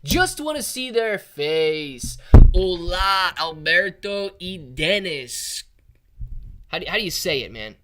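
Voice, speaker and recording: A man hosts a casual live stream in a high-pitched, bright, forceful voice, reading out viewer chat. He talks loosely and chattily with his audience, calling them dude and man.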